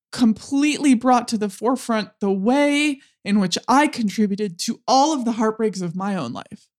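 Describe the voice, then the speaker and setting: A woman co-host opens up about her feelings, raw and emotional, and swears freely. Her voice sits somewhat high. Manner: open and emotional, with heavy swearing. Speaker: podcast co-host. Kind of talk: candid conversation.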